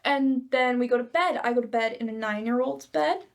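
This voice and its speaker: A young woman on a podcast, telling a travel story in casual chat, animated and swearing now and then. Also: fairly high pitch, a little fast, gravelly. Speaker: podcast co-host.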